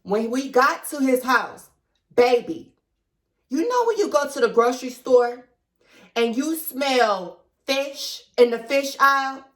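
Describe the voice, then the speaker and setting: A woman's voice: high-pitched, lively intonation, slow. A young woman vlogger telling a storytime in a chatty, confiding way, retelling events dramatically and calling her viewers girl and baby. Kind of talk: storytime vlog.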